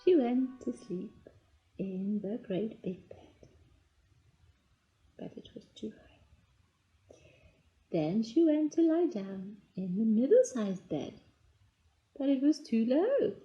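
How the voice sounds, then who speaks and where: A woman reading a children's fairy tale aloud, slow and expressive, voicing the characters' lines. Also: on the high side, lo-fi sound. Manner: slow, lively storytelling with voiced character lines. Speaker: storybook reader.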